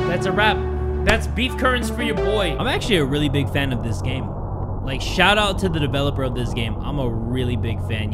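A young man with a high, swooping voice narrates a horror game as he plays. He talks to himself, swears freely and yelps when startled. Loud game music sits under his voice. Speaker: gaming YouTuber.

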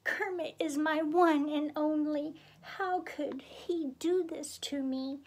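A vain female pig star with a grand, theatrical manner, as a woman reading aloud puts her on. The voice sits high and the words come unhurried, each one given weight. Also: steady tone. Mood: furious. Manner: theatrical, haughty, shrieking when angry.

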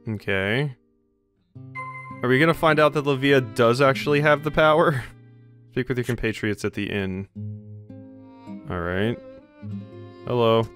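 A man's voice: medium pitch, unhurried, pauses often, fairly bright tone. Musing man commentating a game. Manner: musing, reads game text aloud. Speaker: let's play host. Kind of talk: casual gameplay commentary. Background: game music.

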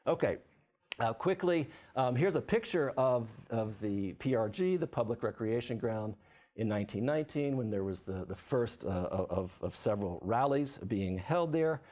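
A man giving an academic book talk as lecturer, halting with many fillers and restarts. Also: medium pitch, animated, a little mellow. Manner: reads quotes aloud with lifted voice. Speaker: author and lecturer.

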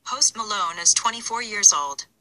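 A woman's voice: mid-range voice, expressive, moderate pace, sharp tone. Polite synthetic woman assistant voice.

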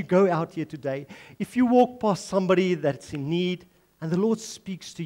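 A man's voice: high voice, animated, normal speed, mellow. A man preaching a sermon, telling a story and then earnestly pleading with his listeners. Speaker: pastor.

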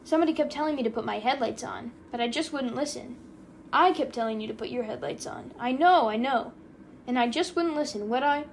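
A man's voice: very high voice, brisk, gravelly, a little hiss or hum. A woman voicing a drunken, boisterous male army pilot in an audiobook reading. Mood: rowdy.

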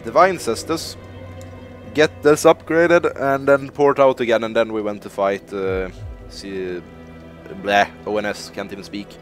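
A man's voice: fairly low pitch, fairly even intonation, a little slow, soft background music. A young man streaming a game, rambling through live commentary with lots of laughter and swearing. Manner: rambling, self-mocking, laughs and swears a lot. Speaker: gaming streamer.

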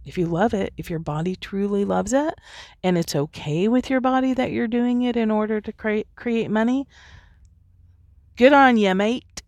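A woman hosts a podcast alone, speaking frankly and chattily in a candid monologue and laughing easily. Her voice is medium-pitched and mellow, her pace moderate, with no room sound.

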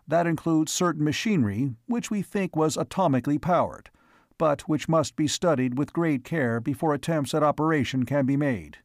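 A man reading the part of a concise, methodical male scientist giving a formal report, in a measured way. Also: a little high, dry recording, clean studio sound, close to an everyday voice.

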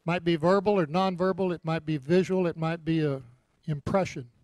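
A man with a Texas accent preaches to a congregation in a folksy, joking way, hot and sweating as he goes. His voice sits a little higher than most men's. The sound is close and dry, with little room in it. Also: steady tone, normal speed, darkish tone, no room sound. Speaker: visiting minister. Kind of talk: sermon and offering appeal.

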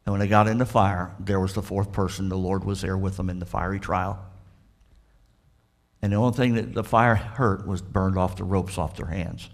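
Preaching at a normal speed in a low-pitched voice, this Southern-accented pastor from Florida brings his sermon to life by voicing the characters' dialogue as he tells the story.

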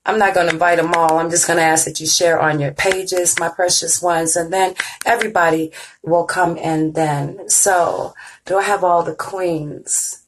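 A middle-aged woman with a lowish, fairly flat voice hosts an online show at a moderate pace, with a noisy background. It's casual live-stream chat: she greets viewers by name and laughs often.

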